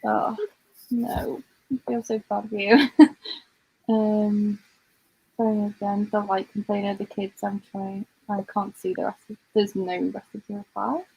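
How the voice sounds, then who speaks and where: A British woman hosting a casual reading livestream over a video call, bubbly and quick to laugh. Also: mid-range voice, level tone, vocal fry, dark tone, slightly rough, low-quality recording. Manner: bubbly, laughs a lot, fast talker. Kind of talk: casual chat.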